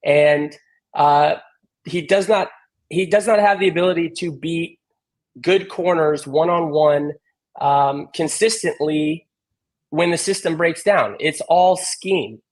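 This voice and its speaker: A man's voice: on the high side, slow pace. A man calling in to a sports show, arguing his point insistently. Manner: argumentative, insistent. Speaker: caller. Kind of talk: casual sports talk.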